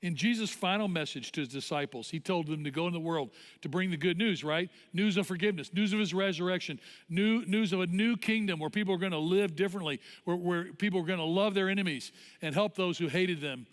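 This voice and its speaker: A male pastor preaching a sermon in an animated, conversational storytelling way. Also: sits high, fast, hardly any pauses. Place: church auditorium. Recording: long church hall reverb.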